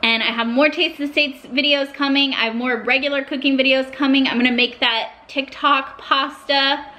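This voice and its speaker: Young woman vlogger, candid and heartfelt, fairly high bright voice. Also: steady tone, moderate pace. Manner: heartfelt, emotional at times. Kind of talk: casual talk to camera.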